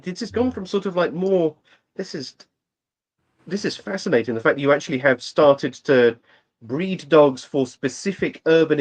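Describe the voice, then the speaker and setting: A man hosting a conversation, his pitch moving a lot as he works through long, meandering questions. He restarts his sentences often and keeps the tone casual. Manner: lively, rambling questions with restarts. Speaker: podcast host.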